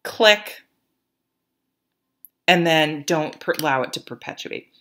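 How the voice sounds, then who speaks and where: A woman with a deep, steady, slightly bright voice talks briskly while giving a casual tarot reading. She's chatty, full of fillers and restarts, and sometimes laughs at her own stories.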